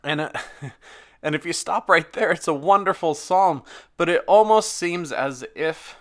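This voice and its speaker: A man's voice: a little high, unhurried, fairly bright tone. A man who reads a psalm with emphatic stresses and then reflects on it, thinking aloud with fillers. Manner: emphatic, with strong stresses on key words. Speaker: scripture reader and commentator. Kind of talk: dramatic scripture reading then reflective commentary.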